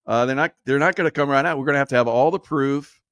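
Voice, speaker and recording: A man's voice: mid-range voice, quick pace, fairly bright tone, no room sound, clean studio sound. A man hosting solo political commentary, sarcastic and mocking, often laughing at his own jokes.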